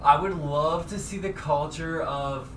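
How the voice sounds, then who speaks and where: A young man with a slightly high voice chats on a podcast in a loose, laid-back way and swears casually. Other people are clearly heard around him. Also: unhurried, a crowd in the background, rough recording. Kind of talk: casual chat.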